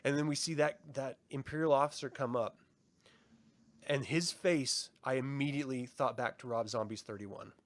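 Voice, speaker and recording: A young man co-hosting a casual review chat, excited, swearing often and acting out scenes in quoted voices. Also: medium pitch, normal speed. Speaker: podcast co-host.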